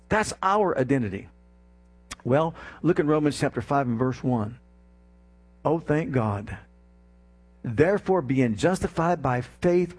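A male preacher delivering a passionate sermon, swinging from soft, intimate passages to rising exclamations and calling on the congregation to respond. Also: sits high.

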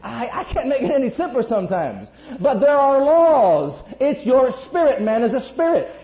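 A man preaching a sermon, emphatic, jumping between loud bursts and quiet asides. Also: very high voice, big pitch swings, moderate pace. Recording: echoey room, dull lo-fi sound.

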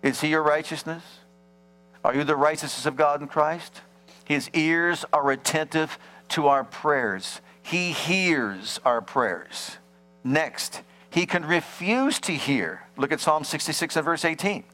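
Man, pastor, sermon, animated, rhetorical questions, acts out scenes, somewhat high pitch. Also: measured pace. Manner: dramatizes scenes and acts out voices.

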